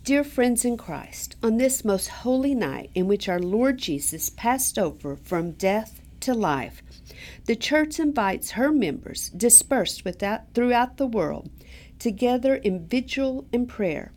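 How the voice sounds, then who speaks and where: A woman co-leading morning prayers, reading scripture and liturgy clearly and reverently. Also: fairly high pitch, big pitch swings, slow, darkish tone. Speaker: prayer co-leader.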